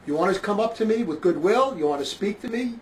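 A man with a notably high voice for his sex talks as a street preacher, rambling and emphatic, circling back over his own phrases. He is from northern New Jersey, and his voice swells into loud, forceful bursts. A faint hum of noise sits behind him. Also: expressive, fast, rough recording. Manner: emphatic, rambling, repeats himself, rises to loud outbursts. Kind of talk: casual spoken monologue.

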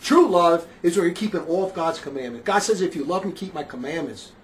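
A man from northern New Jersey, a street preacher, talking in a rambling, emphatic monologue that keeps repeating itself and swells into loud outbursts. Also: high voice, expressive, fairly quick, slight background noise, rough recording. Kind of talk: casual spoken monologue.

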